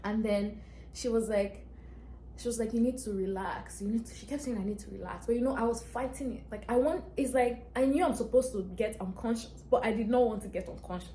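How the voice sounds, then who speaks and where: A woman's voice: on the high side, a little fast, dark tone, slight background noise. Young female vlogger, chatty storyteller who laughs a lot, recorded in a reverberant room. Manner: chatty, laughs often, acts out dialogue. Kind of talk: casual storytelling to camera. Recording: echoey room, faint ambience.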